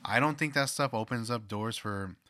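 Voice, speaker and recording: A man's voice: medium pitch, moderate pace, sharp tone, dry recording, studio quality. A young man in casual podcast chat, loose and full of fillers. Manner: loose, filler-heavy, laughs easily.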